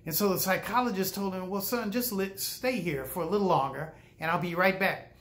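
An older male pastor with a fairly high voice preaches through a folksy story. He pauses often and acts out the people he quotes, with lively shifts in delivery. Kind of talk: storytelling sermon.

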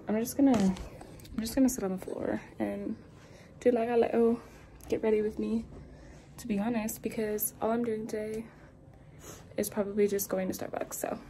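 Young woman rambling thru her get ready routine at home, warm mellow voice, kinda echoey room. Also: fairly high pitch, steady tone, moderate pace, pauses often, slight background noise. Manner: chatty and rambling, laughs often. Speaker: beauty vlogger. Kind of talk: casual get-ready-with-me chat.

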